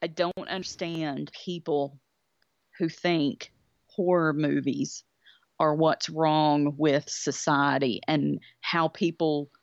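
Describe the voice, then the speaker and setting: A woman's voice: deep voice, fairly even intonation, slow pace, gravelly, no room sound. A woman, co-hosting a casual, profane movie chat in a blunt, exasperated way. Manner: blunt, exasperated, swears a lot. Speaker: podcast co-host. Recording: dry, slightly dull sound.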